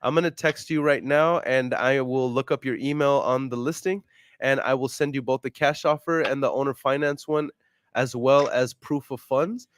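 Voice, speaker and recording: A man's voice: mid-range voice, steady tone, normal speed, no echo, studio quality. A man hosting a casual vlog, talking upbeat and polite on a sales call, then joking with a friend. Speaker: real estate investor and vlog host. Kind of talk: casual phone call and chat.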